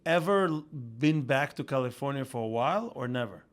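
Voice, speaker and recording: A man's voice: medium pitch, expressive, a little fast. A man hosting a podcast, interviewing a guest with eager interjections and finishing his sentences. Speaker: podcast host.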